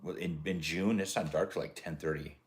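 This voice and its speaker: A middle-aged man co-hosts the live talk in an easygoing way. His voice is very deep, and he mostly agrees and throws in jokes. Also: fairly even intonation, fairly quick. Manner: easygoing, joking, affirming. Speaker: co-host.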